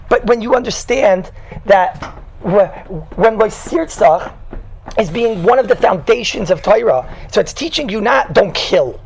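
A man's voice: sits high, creaky, a little mellow, a little hiss or hum, rough recording. A man teaching a Torah class to a live group in a teasing, conversational way, telling stories and constantly checking in with "right?". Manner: tells stories, mixes in Hebrew and Yiddish terms.

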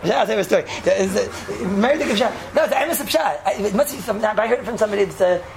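Woman teacher, quick gravelly delivery, animated storyteller who leaps high for quoted characters. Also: background noise. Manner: animated storyteller, sprinkles Hebrew and Yiddish terms; jumps to high pitch when acting out story lines. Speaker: seminary teacher. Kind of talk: casual Torah talk with stories.

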